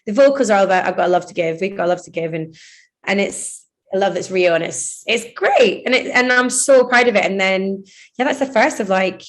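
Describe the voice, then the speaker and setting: A woman's voice: mid-range voice, brisk. A woman DJ and producer in her thirties, chatting loosely in an interview, rambling and laughing often. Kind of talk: casual interview chat.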